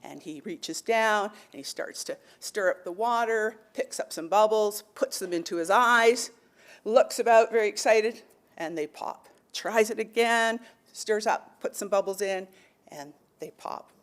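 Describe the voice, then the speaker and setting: A woman's voice: mid-range voice, a little slow. A woman speaker on an education panel, telling a traditional story with animation, then talking thoughtfully with many fillers. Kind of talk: oral storytelling and panel talk.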